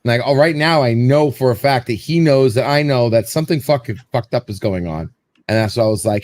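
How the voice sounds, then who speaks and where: A man's voice: mid-range voice, a little fast, a little mellow, dry recording. A man hosting a casual show, telling a story in a rambling way and acting out what people said. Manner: rambling storyteller, repeats words, acts out quotes. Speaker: show host.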